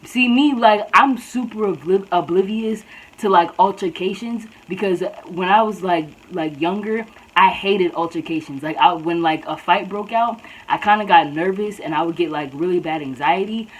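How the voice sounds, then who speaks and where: A woman's voice: lowish voice, moderate pace, slightly rough, rough recording. A young woman vlogger telling a story casually, rambling with lots of "like" and "bro". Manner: rambling, full of "like" and "bro", laid-back.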